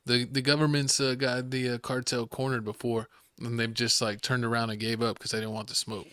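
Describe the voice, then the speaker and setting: Texan guy hosting a podcast, flat wry delivery, crisp bright voice, dry sound. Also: medium pitch, a little fast, no room sound. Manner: laid-back, wry, deadpan asides. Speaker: podcast host. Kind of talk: casual podcast chat.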